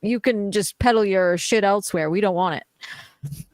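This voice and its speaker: A woman's voice: medium pitch, unhurried, no room sound. An angry, profane woman holding forth on a live stream. Her voice sits mid-range and comes through dry and close, with no room sound. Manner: indignant, profane, emphatic.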